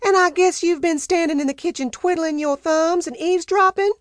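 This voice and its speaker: A woman voicing a fussy, sharp-tongued older housekeeper who scolds in a high, shrill voice. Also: fairly quick, no echo, studio quality. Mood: scolding.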